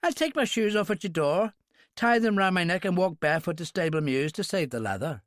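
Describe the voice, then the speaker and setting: A man's voice: sits high, animated, a little fast, dry recording, clean studio sound, voice pushed up. A man voicing a wry Irishman with a Northern Irish accent who teases in a flowery brogue, in an audiobook. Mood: teasing. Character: wry Ulster Irishman, cheeky gunman.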